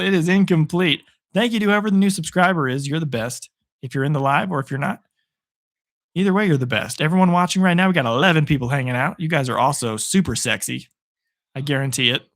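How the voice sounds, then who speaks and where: A young Arizona man with a mid-range voice, hoarse and worn out after a long day, casually calls football play by play on a live stream. He chats with viewers and his voice rises with excitement on big plays.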